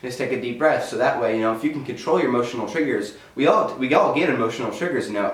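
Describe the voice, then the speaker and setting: A man's voice: mid-range voice, quick pace, hardly any pauses. A young man co-hosting a casual motivational talk, rambling with lots of "you know" and "like". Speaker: co-host. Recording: roomy sound from a distant mic.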